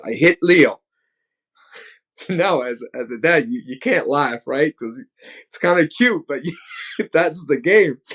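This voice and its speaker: A man in his thirties, a guest speaker on a podcast, telling a lively story, chuckling often and checking in with "right?". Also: lowish voice. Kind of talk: casual podcast talk.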